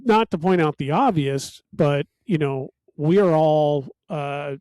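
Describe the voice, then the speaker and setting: A man's voice: fairly high pitch, takes it slowly, darkish tone, dry recording. A man hosting a casual podcast chat, telling stories in a wry, sardonic way. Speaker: podcast host.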